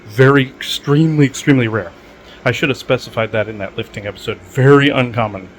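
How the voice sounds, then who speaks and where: A man's voice: medium pitch, fairly quick, slight background noise, poor audio. A man hosting a podcast, talking in a rambling, digressive way with many fillers. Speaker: podcast host. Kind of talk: rambling casual monologue.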